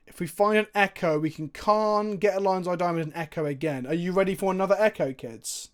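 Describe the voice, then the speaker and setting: Excitable, swearing man streaming. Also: high voice, measured pace, clear, resonant tone. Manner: excitable, profane, thinking aloud. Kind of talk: live-stream card game commentary.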